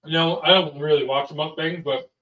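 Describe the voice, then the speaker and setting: A man's voice: fairly high pitch, steady tone, normal speed, sharp tone, highs cut off. A father hosting a family vlog, chatting casually and rambling with plenty of ums and sos. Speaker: father and channel host. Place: home kitchen. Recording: roomy, from a distance.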